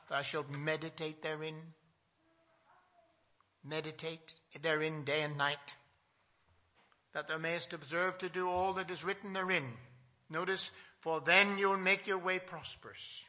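Guy preaching sunday sermon, bright kinda high voice, quizzes the church, gets loud then quiet. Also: steady tone, a little slow. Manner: emphatic preaching, swings from loud to soft; asks the congregation questions. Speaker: pastor.

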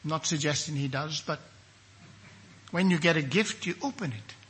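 A man's voice: fairly high pitch, normal speed, a bit bright. An older man from England preaching a sermon emphatically, acting out the voices he quotes.

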